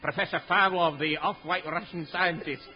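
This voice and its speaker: An actor playing a dour police inspector in a 1950s radio comedy, terse with growling grunts. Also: male voice, a little high, steady tone, moderate pace, loud music behind the voice, natural voice. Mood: deadpan. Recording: dull old radio recording.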